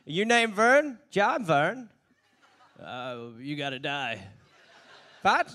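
A man trades playful jokes and quick reactions as a guest on a live comedy podcast. His voice is bright and sits fairly high, swinging up and down with animated energy.

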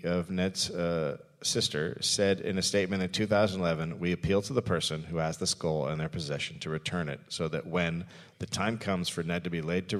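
A man's voice: deep voice, big-room sound. A man telling a story on a live comedy podcast on stage, dry and sardonic.

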